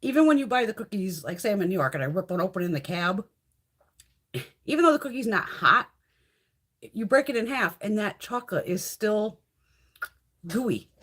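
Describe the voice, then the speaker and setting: A woman's voice: medium pitch, expressive, moderate pace, long pauses, a bit bright, breathy edge. A middle-aged woman hosting a casual beauty live chat, swearing freely and talking to her viewers. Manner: chatty and profane, reads out viewer comments. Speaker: beauty livestream host.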